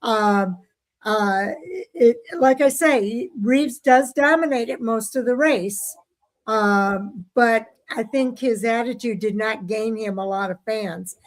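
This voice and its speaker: A woman co-hosts a laid-back racing talk show, speaking slowly in a fairly high voice. She has the hiccups as she chats, using filler words and reading out listener comments.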